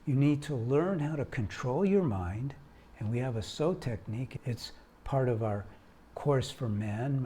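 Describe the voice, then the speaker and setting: A man who founded a marriage organization speaks straight to the camera, giving earnest, emphatic advice that rises into animated urging. His voice is mid-range, with a little hiss or hum in the recording.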